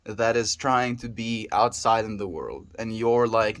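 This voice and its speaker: A man's voice: lowish voice, unhurried. A man livestreaming, chatting casually with his viewers, reading their messages aloud and musing in a reflective way. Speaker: daily livestreamer.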